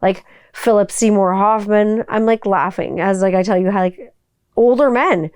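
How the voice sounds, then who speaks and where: A woman's voice: mid-range voice, normal speed, darkish tone, smooth, no room sound, clean studio sound. A woman hosting her own podcast, chatting casually and rambling with lots of "like" and playful asides. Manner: rambling and chatty, heavy use of "like"; playful, hums a silly tune while thinking. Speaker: podcast host. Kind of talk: casual solo podcast chat.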